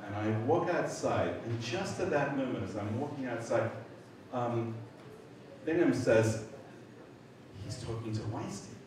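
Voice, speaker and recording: Middle-aged man, animated storyteller, echoey hall, heard from far off, noisy room. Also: medium pitch, a little slow. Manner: animated storyteller, swears, acts out voices, laughs. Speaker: memorial speaker. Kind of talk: anecdote told at a memorial. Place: large event hall.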